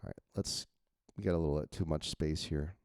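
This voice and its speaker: A man's voice: extremely low pitch, fairly even intonation, fairly quick, a little mellow, no echo, studio quality. A novelist thinking aloud in a rambling, casual way as he edits his manuscript, swearing freely and chuckling at himself. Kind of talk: thinking-aloud editing walkthrough.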